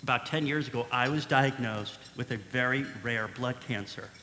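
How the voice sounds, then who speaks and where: A man voicing a calm, earnest male surgeon in his late forties, speaking in a quiet, measured, reassuring way. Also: mid-range voice, natural voice. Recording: echoey hall with faint noise.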